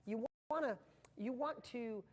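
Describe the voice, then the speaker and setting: A man's voice: very high-pitched, a little slow, big-room sound. A man giving a live motivational training talk to viewers, speaking with passion and a rambling flow full of restarts.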